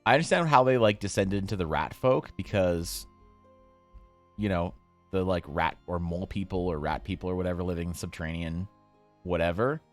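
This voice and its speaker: A man streaming while he draws, chatting casually with his viewers in a jokey, mock-outraged way, with sudden loud bursts. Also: sits low, moderate pace, soft background music. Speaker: artist streaming while drawing. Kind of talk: casual livestream chat to viewers.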